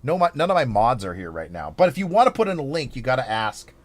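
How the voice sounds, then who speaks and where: A man's voice: mid-range voice, sing-song, fast talker. A man streaming a game, chatting casually in a rambling, playful, over-the-top way full of fillers. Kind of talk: casual live-stream chat.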